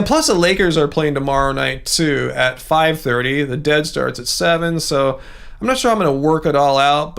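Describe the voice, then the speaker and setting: A middle-aged man with a notably high-pitched voice hosts a livestream, chatting loosely and ranting with animated asides as he reads out viewer comments. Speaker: livestream host. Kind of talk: casual livestream chat reading viewer comments.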